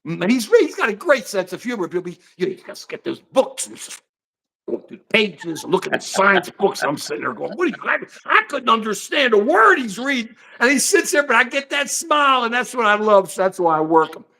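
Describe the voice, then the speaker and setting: A man's voice: high voice, fairly quick, gravelly. An older man hosting a livestream, ranting heatedly and animatedly about the news. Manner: ranting, animated, mocking put-on voices. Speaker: show host. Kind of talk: heated political livestream chat.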